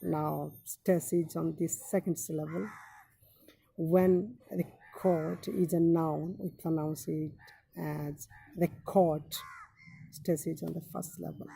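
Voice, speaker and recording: Woman English teacher, low gravelly voice, mellow tone, measured tips-style delivery. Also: steady tone, slight background noise. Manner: deliberate, repeats key phrases, many "now" openers. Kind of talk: instructional talk giving study tips.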